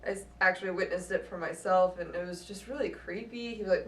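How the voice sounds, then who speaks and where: A woman's voice: fairly low pitch, fairly even intonation, fairly quick, hardly any pauses. A tired woman, the host's wife, telling a convention story casually and hesitantly, with many fillers. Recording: echoey room, far from mic, faint noise.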